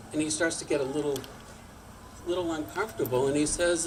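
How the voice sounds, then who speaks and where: Older male storyteller, sixties, wry and chatty, slightly high voice, faint hiss behind. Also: quick pace, low-quality recording. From Massachusetts. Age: 60s. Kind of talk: personal storytelling on stage. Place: community storytelling night before an audience.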